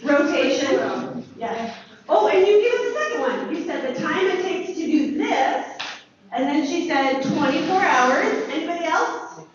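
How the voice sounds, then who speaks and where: A woman teaching a lively classroom lesson, asking the students questions and praising their answers. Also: high voice, unhurried, background noise. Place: school classroom. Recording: echoey classroom from far off, dull.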